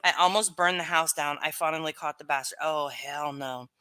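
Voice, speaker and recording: A woman hosting a casual live stream, talking loosely with lots of "like" and "um" as she answers viewer comments. Her voice sits a little low, yet it sounds bright and forceful. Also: normal speed, clear, resonant tone. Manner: chatty, lots of fillers, answers comments aloud.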